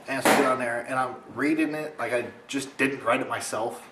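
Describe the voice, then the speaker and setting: A man's voice: brisk, reverberant, noisy background. Young man telling a rambling story. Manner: rambling, animated, mimics others in high voice. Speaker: vlogger. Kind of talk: casual storytelling to camera. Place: home, indoors.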